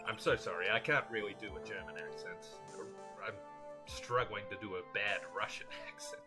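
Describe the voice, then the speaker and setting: A man's voice: lowish voice, moderate pace, over music. A man hosting a casual let's play, musing hesitantly with many fillers. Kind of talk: casual game commentary.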